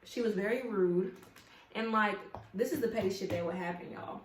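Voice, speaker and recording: Young woman vlogger, animated and profane, in an echoey room. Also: mid-range voice, moderate pace, a little hiss or hum. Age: young adult. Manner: animated, profane, talks straight to viewers. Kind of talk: casual storytime chat. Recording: echoey room with faint ambience.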